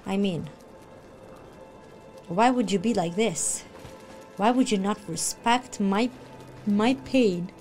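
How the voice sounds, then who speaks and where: A woman streamer giving excitable live reaction commentary on a video game, shrieking, gasping and talking to the characters on screen. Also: medium pitch, slow, long pauses, faint music behind. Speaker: gaming streamer.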